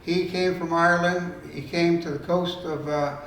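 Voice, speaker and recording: This storytelling talk comes from a Canadian author in his eighties, wandering through folksy anecdotes at a library. His voice is a little high and fairly bright, with fairly even intonation at a normal speed. It was recorded from far off in a roomy space with faint noise.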